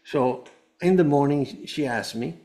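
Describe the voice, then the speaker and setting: His voice sits on the high side, mellow and unhurried. A cancer survivor guesting on a show, he gives the host a heartfelt, rambling testimony, repeatedly beginning his sentences again.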